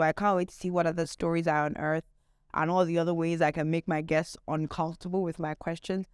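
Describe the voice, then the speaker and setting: A woman host speaks straight to her audience in a chatty, candid way, with playful asides now and then. Her voice is smooth and clear, at a middle pitch for a woman. The sound is close and dry, with no room echo. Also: fairly even intonation, a little fast. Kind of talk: casual monologue to camera.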